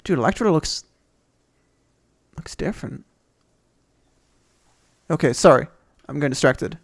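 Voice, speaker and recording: Young male gaming host, slightly high voice with gravel, rambling and swearing through a casual map tour. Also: measured pace. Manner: excitable, rambling, swears often. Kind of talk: casual game commentary.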